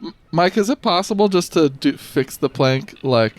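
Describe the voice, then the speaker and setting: A man's voice: fairly high pitch, expressive, normal speed. A man playing a tabletop game, matter-of-fact and asking about the rules. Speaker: player. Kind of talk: casual tabletop role-play.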